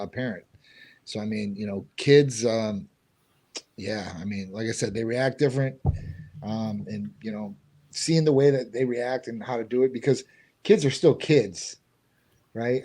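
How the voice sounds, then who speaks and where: A man in casual conversation about raising his son, talking haltingly with many restarts. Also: medium pitch, dark tone. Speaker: parent guest. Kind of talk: casual chat.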